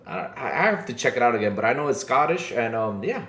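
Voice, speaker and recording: A man's voice: mid-range voice, expressive, quick pace, fairly bright tone. A man hosting a podcast in casual chat, joking around with lots of fillers and repeated words. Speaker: podcast host. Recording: roomy echo.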